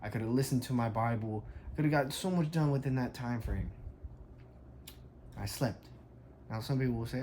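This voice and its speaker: A man's voice: mid-range voice, normal speed, warm tone, slight background noise. A young adult man, a fitness coach, tells a story in a casual vlog, emphatic and frank, with lots of "like".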